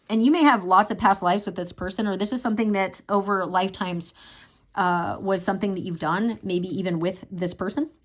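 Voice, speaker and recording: A woman's voice: mid-range voice, fairly even intonation, normal speed. A woman giving a casual tarot reading, thinking aloud in a meandering, emotional way and drifting down to a whisper when she reads to herself. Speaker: tarot reader.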